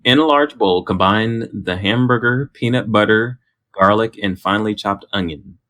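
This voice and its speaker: A man co-hosting a podcast, running segments in a playful, lively way. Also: fairly low pitch, moderate pace, no room sound, studio quality. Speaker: podcast co-host. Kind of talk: casual chat.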